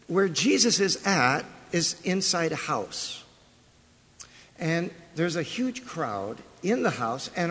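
A male pastor delivers a sermon in a lively, animated voice that sits a little high and rises and falls a lot. His voice is breathy and husky, and he keeps the congregation engaged with rhetorical questions. The sound carries a long reverb from the church hall. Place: church sanctuary.

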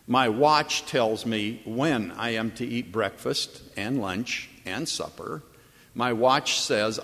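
A man's voice: lowish voice, slow pace, fairly bright tone. Preaching man in a reverberant chapel. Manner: storytelling preacher, rising to emphatic repeated phrases. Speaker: pastor. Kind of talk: sermon.

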